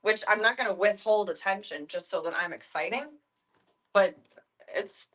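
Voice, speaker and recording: A woman's voice: mid-range voice, moderate pace, fairly bright tone. A woman chatting casually on a live stream from her home, switching into cooing baby talk for her pets and making wry asides.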